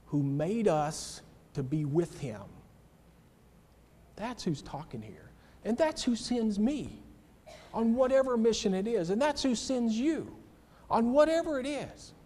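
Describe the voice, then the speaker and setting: A man's voice: sits high, warm tone, in a large hall. A man teaching a church class in a sermon style, emphatic and full of rhetorical questions and personal asides.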